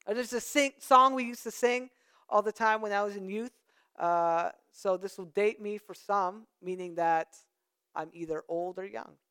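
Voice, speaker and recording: A pastor preaching a conversational sermon, with playful asides to the congregation. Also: male voice, high voice, moderate pace, pushed and bright, clean tone.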